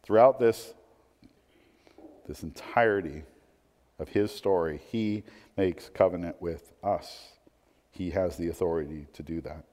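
A man preaching a sermon, swinging between emphatic points and hushed, conversational asides. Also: low-pitched, unhurried, long pauses. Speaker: pastor. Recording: long hall reverb.

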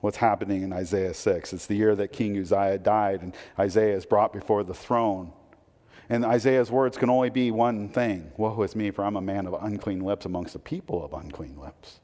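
A man preaching a sermon, moving between hushed, intimate lines and loud, emphatic proclamations. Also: lowish voice, moderate pace. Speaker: pastor. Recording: long hall reverb.

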